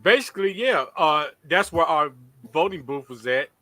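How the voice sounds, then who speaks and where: A man's voice: on the high side, lively intonation, moderate pace, bright, forceful tone, no room sound, faint music behind. A man on a casual livestream, speaking bluntly in short remarks.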